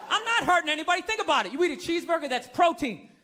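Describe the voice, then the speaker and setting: A man doing a stand-up comedy set, ranting profanely and shouting his punchlines with incredulous disbelief. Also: very high-pitched, big pitch swings, rapid-fire. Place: comedy club stage with audience. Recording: live stand-up with crowd noise. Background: audience laughter.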